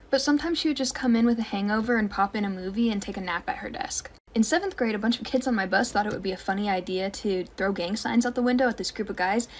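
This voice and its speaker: A woman's voice: medium pitch, a little hiss or hum. A young woman telling school stories in a wry, casual storytime way.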